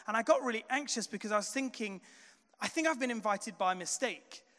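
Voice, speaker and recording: High-voiced pastor in a reverberant hall. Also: male voice, a little fast, sharp tone. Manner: conversational storytelling, frequent fillers. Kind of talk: sermon.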